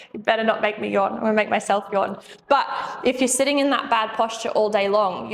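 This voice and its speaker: A woman chiropractor giving an upbeat, chatty live presentation with slides to an audience, laughing often. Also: medium pitch. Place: room with an audience. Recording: echoey room, faint background noise.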